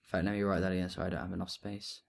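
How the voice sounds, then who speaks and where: A man explaining grammar in a relaxed lesson, thinking aloud as he writes notes. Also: sits low, very fast, gravelly. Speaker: teacher.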